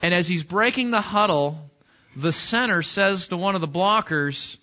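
A male pastor preaches in a conversational style, putting rhetorical questions to his listeners. His high voice is bright, forceful and animated, moving at a moderate pace. The recording quality is dull and lo-fi.

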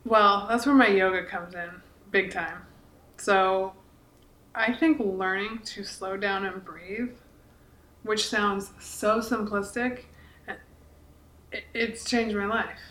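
A woman's voice: mid-range voice, steady tone, slow pace, a bit bright. Chatty woman in her 40s, earnest, says like a lot, roomy echo. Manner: chatty and earnest, many likes and restarts. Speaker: podcast co-host and author. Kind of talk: casual podcast conversation. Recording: echoey room.

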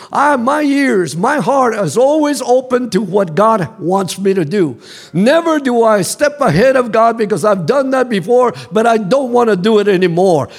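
A male pastor preaching a sermon in a church, calling the congregation to repeat after him and building to shouts. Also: very high-pitched. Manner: call-and-response preaching, rising to shouts. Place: church sanctuary.

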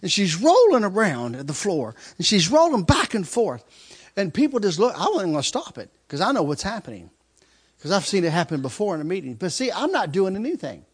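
A man's voice: high voice, very animated, brisk, husky. A male preacher telling a story in a sermon, acting out screams and laughter as he goes. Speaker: traveling preacher.

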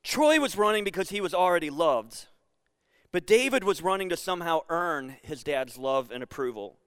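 A pastor with a high, smooth, resonant voice, preaching earnestly. He sinks to a hushed near-murmur for tender quoted lines. The sound is dry and close. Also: lively intonation, moderate pace, no room sound. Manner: repeats words when building a point. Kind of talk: sermon.

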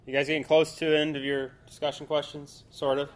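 A man's voice: a little high, little pitch movement, brisk. A man teaching a Bible study class in a loose, conversational way, full of fillers and restarts.

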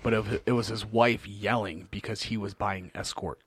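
A man's voice: fairly low pitch, fairly even intonation, moderate pace, crowd noise. A man in a casual chat, telling a wry story about a voicemail.

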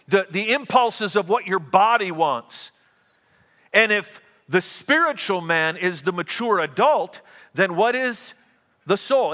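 A man preaching a sermon as pastor, earnest and given to quick restarts. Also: high voice, pushed and bright, in a large hall.

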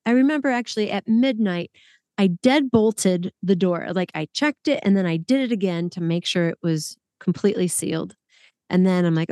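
Woman podcast host, lively storyteller, close dry mic. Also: medium pitch, no room sound. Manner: animated storyteller, exclamations. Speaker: podcast host, former group leader. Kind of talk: casual podcast conversation.

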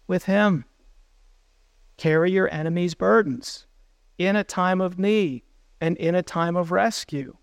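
High, smooth-voiced male pastor preaching. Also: no echo. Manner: earnest, asks the congregation questions. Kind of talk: sermon.

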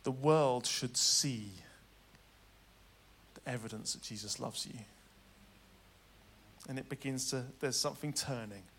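A man preaching a sermon dramatically, swinging between loud urgency and hushed tenderness. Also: mid-range voice, measured pace, long pauses, slight background noise.

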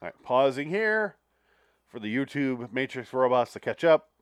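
A man's voice: medium pitch, very animated, normal speed, noisy background. A man hosting a casual podcast chat, blunt and joking, swearing freely. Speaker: podcast host.

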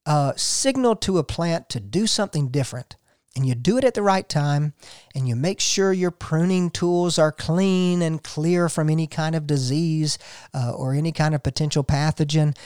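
A man's voice: fairly high pitch, a little mellow, no echo, clean studio sound. A man hosting a gardening show, talking folksy and casual and telling a story to listeners he calls folks.

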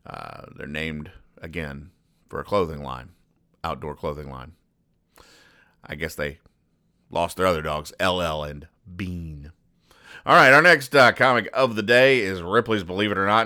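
A man's voice: on the low side, pushed and bright, no room sound. Dry rambling male comics host. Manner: rambling, dry, self-correcting. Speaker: podcast host reading comics. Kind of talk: deadpan comic recap.

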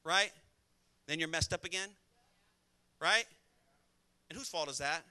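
A man preaching a sermon as pastor, talking quickly and emphatically, and calling out to the congregation for responses. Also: a little high, pushed and bright, smooth. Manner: rapid, conversational delivery.

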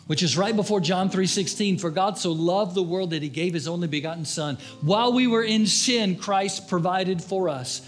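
A man preaching a sermon as a pastor, impassioned, swinging between raised appeals and hushed, low pleas. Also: normal speed, hardly any pauses. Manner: impassioned preaching, rising and dropping to hushed tones.

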